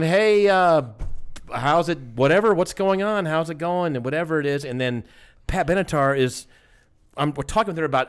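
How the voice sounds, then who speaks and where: A man co-hosting a podcast, rambling through a dream story in casual chat. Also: mid-range voice. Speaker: podcast co-host.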